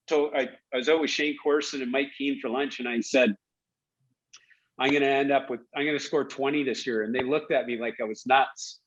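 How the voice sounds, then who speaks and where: In dull-sounding audio, a middle-aged man with a medium-pitched voice recounts stories from his hockey-playing days in a relaxed interview. He's an animated storyteller who laughs and performs the quotes.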